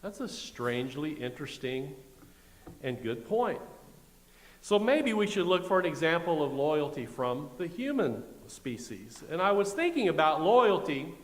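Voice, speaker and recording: A man's voice: fairly high pitch, very animated, unhurried. A middle-aged man with a Midwestern American accent, preaching a sermon in a conversational, wry way, with asides to the congregation. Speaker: pastor. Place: church sanctuary. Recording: echoey church with long reverb.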